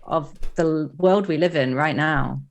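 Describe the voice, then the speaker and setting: A woman guesting on a coding stream with a sick voice, explaining steps in an upbeat, encouraging way. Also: sits low. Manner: upbeat, encouraging, quick asides. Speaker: guest developer teaching. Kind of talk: casual tutorial chat.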